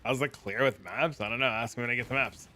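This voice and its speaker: A man streaming a game, chatting casually with viewers, profane and animated when telling a story. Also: medium pitch, fast talker, a little hiss or hum. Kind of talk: casual chat.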